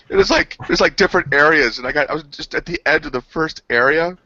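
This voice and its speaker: A man's voice: mid-range voice, fast talker, pushed and bright, a little hiss or hum. A man on a gaming news show, telling a rambling, profane story between laughs. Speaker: podcast co-host. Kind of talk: casual chat. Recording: dull lo-fi sound.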